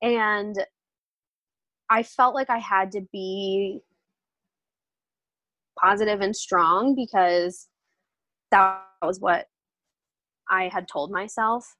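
A young adult woman, a podcast guest, talking candidly and earnestly in a relaxed interview, with many fillers. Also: medium pitch, no room sound. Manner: earnest, open, filler-heavy storytelling.

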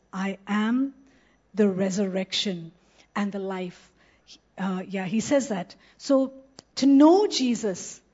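A woman giving a sermon, reading scripture and slowing down to stress key words. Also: mid-range voice, warm tone. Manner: earnest, slows down to stress scripture. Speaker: preacher. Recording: slightly muffled, lo-fi.

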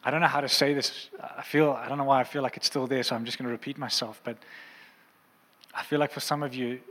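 A man's voice: mid-range voice, fairly even intonation, fast, fairly bright tone. Earnest male pastor in a reverberant hall. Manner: earnest, impassioned preaching. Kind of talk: sermon. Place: church auditorium.

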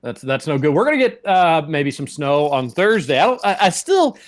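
A man's voice: fairly high pitch, very animated, normal speed. A young man co-hosting a sports radio show in a studio, chatting casually and reading ads with upbeat emphasis. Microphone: studio microphone.

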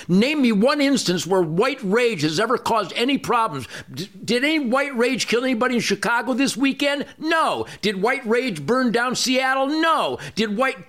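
Male podcast guest, high-pitched and very animated, profane ranter. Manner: loud, emphatic with sudden drops. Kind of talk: podcast interview.

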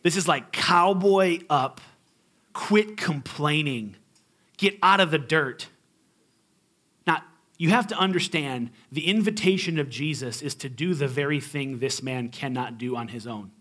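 A man's voice: on the high side, unhurried, fairly bright tone. A male pastor preaching a sermon in a conversational, humorous and emphatic way.

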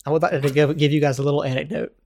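A man's voice: fairly high pitch, racing, slight background noise. Man telling a story on a podcast. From North Carolina, USA. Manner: animated storytelling, laughing while telling anecdotes. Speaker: podcast co-host. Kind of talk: casual podcast chat.

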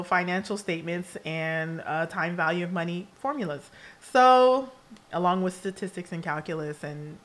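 A woman hosting her own podcast in a casual solo monologue. She is candid and profane, laughs often, and tells stories with lots of asides. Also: on the low side. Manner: animated storyteller with asides. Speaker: podcast host.

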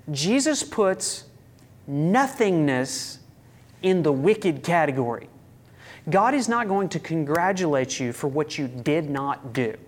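A man's voice: on the high side, expressive, unhurried, long pauses. A man preaching a sermon as a pastor, emphatic, with rhetorical questions and sudden rises in his voice.

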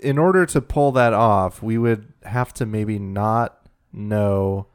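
Man tossing in quick quips. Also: fairly low pitch, clear, resonant tone. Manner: quick reactive quips, laughs along. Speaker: podcast co-host. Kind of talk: casual comedic chat.

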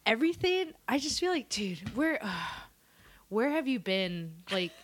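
Woman host: effusive, giggly, sing-song delivery, slow pace. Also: fairly high pitch, big pitch swings. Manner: warm, effusive and giggly, using "dude" a lot. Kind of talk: casual chat.

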